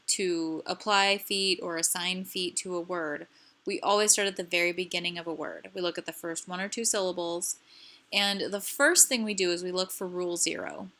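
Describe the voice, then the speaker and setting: Woman, recorded lecture, bright voice, patient step-by-step delivery, desk mic. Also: fairly low pitch. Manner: clear, patient explanatory delivery. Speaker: language teacher presenting.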